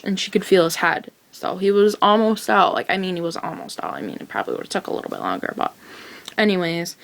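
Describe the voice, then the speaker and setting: A teenage woman telling her own story in a rambling, casual way, full of fillers and restarts. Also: medium pitch. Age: teens.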